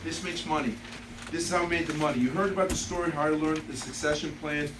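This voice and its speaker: A man speaking as a seminar presenter, calling up volunteers and explaining with emphatic, energetic banter. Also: a little high, fast. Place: seminar room with audience. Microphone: distant from the mic. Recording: distant noisy room recording.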